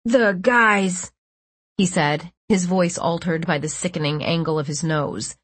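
A woman narrating a first-person novel as an audiobook, in a steady, measured reading. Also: deep voice, breathy edge, dry recording.

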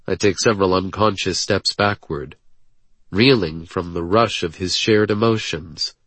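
A man's voice: deep voice, measured pace, fairly bright tone, dry recording. A man narrating an audiobook in the first person, brooding, clipped and intense.

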